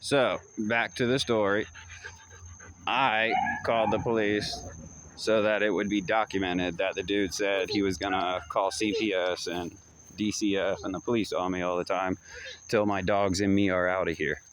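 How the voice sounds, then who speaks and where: A man's voice: sits low, fairly even intonation, normal speed, noisy background. A man casually telling a story to the camera, rambling and repeating himself in loose, slangy talk. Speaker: vlogger. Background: dogs barking and distant fireworks.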